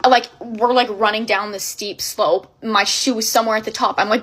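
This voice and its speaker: A woman's voice: a little high, moderate pace, hardly any pauses, fairly bright tone. A young woman tells a wild personal story in a casual, dramatic way, packed with fillers. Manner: breathless, dramatic retelling full of fillers.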